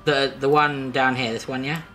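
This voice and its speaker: A woman's voice: a bass voice, little pitch movement, normal speed, a bit bright. A woman running a tabletop game as game master, chatty and swearing casually. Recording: background music.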